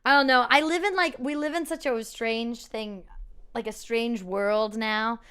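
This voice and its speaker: In a clean, fairly high-pitched voice that's pushed and bright, a woman chats unhurriedly on a casual live stream. She laughs often and reads viewer comments aloud.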